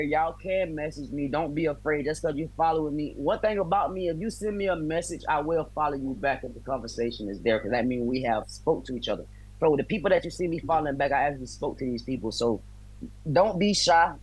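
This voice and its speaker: On a video call, an American bare-knuckle fighter chats as a friendly, talkative guest, his casual interview talk full of loose slang. His voice is fairly high-pitched and husky. The audio is poor.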